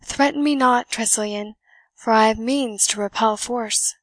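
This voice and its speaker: A woman's voice: on the high side, measured pace, fairly bright tone, no echo. A woman voicing a proud young noblewoman, imperious and defiant. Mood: indignant.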